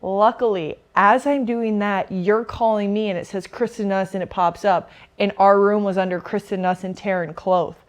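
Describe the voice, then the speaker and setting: Young woman, casual co-host, lively quoted dialogue, middle pitch. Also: normal speed, few pauses. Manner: lively, quotes people in a brighter voice. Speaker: pro beach volleyball player. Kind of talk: casual storytelling.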